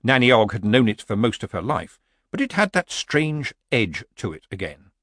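Husky male storyteller, very lively pitch. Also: normal speed, dry recording, clean studio sound. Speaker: audiobook narrator. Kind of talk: storytelling narration.

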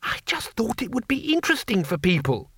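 A man voicing an excitable, naive little foreign tourist who sounds innocent and earnest. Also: very high voice, fairly quick, slightly rough, dry recording, studio quality, voice pushed up, full character voice.

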